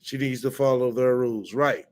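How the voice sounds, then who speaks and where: A man's voice: medium pitch, fairly even intonation, moderate pace. A man hosting a reaction show, swearing, laughing and exclaiming in casual commentary.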